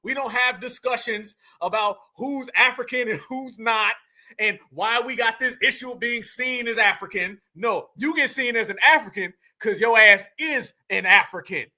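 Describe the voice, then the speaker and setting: A man's voice: very high voice, normal speed, bright, forceful tone. A man giving heated, mocking reaction commentary on a live stream, confrontational and full of slang.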